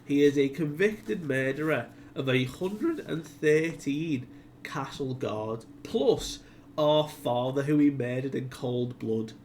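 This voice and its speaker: A man voicing an indignant giant male warrior in a shrill, exasperated, loud voice. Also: takes it slowly, slight background noise, close to an everyday voice. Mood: outraged.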